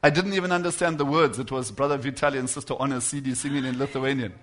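A man preaching a sermon to his congregation, shifting between hushed and loud passages and stretching words slowly for emphasis. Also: medium pitch, fairly even intonation.

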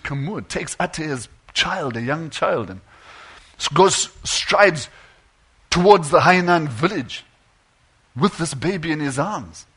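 A man preaching and telling a tense story dramatically, dropping to a hush and swelling again. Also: high-pitched, husky.

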